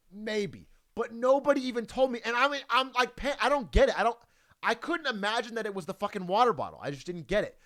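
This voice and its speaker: A man's voice: very high-pitched, animated, fast, fairly bright tone. A man telling a story casually, swearing freely and breaking into laughter often.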